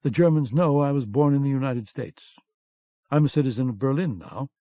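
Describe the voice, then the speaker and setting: A man's voice: mid-range voice, brisk, dry recording, lightly acted. Man voicing an icy veiled woman agent. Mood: cold. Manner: curt, frosty. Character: cold, veiled female resistance agent, icy and curt. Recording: dull lo-fi cassette recording.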